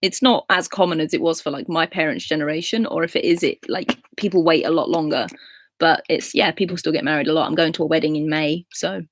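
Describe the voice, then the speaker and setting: A woman in her twenties with an English accent, hosting a casual live chat and answering viewers' comments in a relaxed, friendly way. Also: deep voice, fast talker, slight background noise. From England. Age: 20s. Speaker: livestream host.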